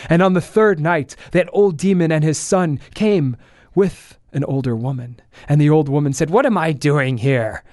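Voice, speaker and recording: Steady male storyteller, dry close mic. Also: on the high side, normal speed, no room sound. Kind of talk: scripted narration.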